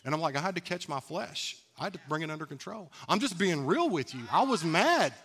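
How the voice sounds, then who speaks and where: Candid pastor preaching, slightly high voice. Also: male voice, sing-song, fairly quick, fairly bright tone. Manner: candid, conversational, laughs at himself. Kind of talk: sermon. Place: church sanctuary.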